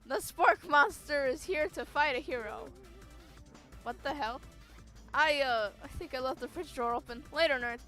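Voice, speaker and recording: A woman streamer playing a game on a close mic, reading the text aloud and reacting with loud exclamations. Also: high-pitched, unhurried, soft background music, low-quality recording. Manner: animated, exclaims, laughs and wheezes at the game. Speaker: gaming streamer.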